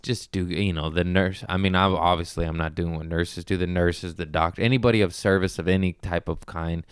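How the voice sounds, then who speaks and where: Man, comedian podcast host, lowish voice, clean smooth tone, dry close sound, swears a lot, rambles excitedly. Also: no echo. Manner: profane, rambling, excitable storyteller. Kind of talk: casual podcast chat.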